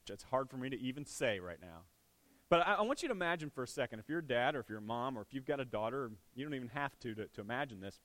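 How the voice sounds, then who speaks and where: A man's voice: mid-range voice, lively intonation, quick pace, a bit bright. A man preaching a sermon in a church, earnest and conversational. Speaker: pastor.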